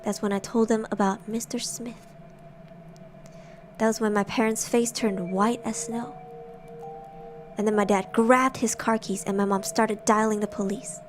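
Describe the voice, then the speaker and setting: A young woman streamer narrating horror stories in a soft, hushed semi-ASMR style, with giggly asides. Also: mid-range voice, fairly even intonation, measured pace, pauses often, soft background music.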